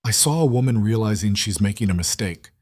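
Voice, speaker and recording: A man as a quiet, matter-of-fact rancher. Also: fairly low pitch, lively intonation, brisk, no echo, studio quality. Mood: calm.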